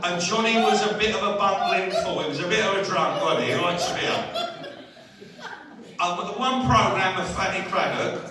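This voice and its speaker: A man's voice: high voice, moderate pace. Comedian in his 60s, keeps going "right?", sounds a bit far off in a roomy hall. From England. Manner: chatty, keeps asking the crowd "right?". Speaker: stand-up comedian. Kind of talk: live stand-up routine. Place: holiday village entertainment hall.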